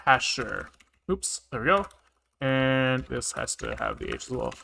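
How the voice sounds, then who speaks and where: A man's voice: medium pitch, huge pitch swings, unhurried, gravelly, pushed and bright. A man live-streaming his programming, thinking aloud and muttering to himself with casual swearing, keyboard clicks behind him. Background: keyboard typing and clicking.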